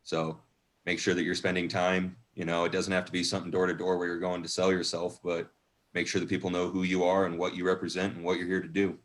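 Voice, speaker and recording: A male panelist with a very deep voice and little pitch movement. He gives steady advice over a video call. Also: fast.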